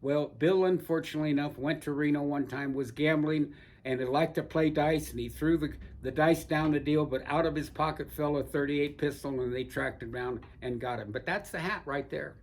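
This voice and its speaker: A man's voice: a little high, normal speed. Folksy older man telling old stories. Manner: rambling, folksy anecdotes with frequent restarts. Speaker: interviewee. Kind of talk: oral history storytelling. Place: seated indoors in a barber chair.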